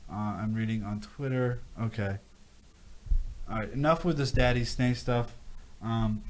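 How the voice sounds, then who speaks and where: A man chats casually on a livestream from his home setup, his voice at an ordinary middle pitch. He rambles and breaks into animated rants, repeating words for stress, and he drifts off the mic now and then. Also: slow pace, long pauses, a little hiss or hum. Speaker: crypto livestream host. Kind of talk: casual livestream chat reading viewer questions.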